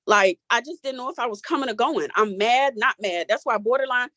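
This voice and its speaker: A woman's voice: on the high side, brisk, fairly bright tone, no echo. A woman in her forties telling her personal story in a candid, casual way, her voice cracking as she holds back tears. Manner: candid, emotional, casual Southern-tinged speech. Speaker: guest sharing her story. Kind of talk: personal testimony in a group talk.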